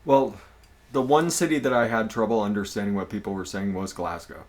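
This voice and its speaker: Low-voiced man chatting on a livestream. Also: fairly even intonation, fairly quick, a little mellow. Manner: rambling, repeats himself. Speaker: livestream host. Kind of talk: casual chat.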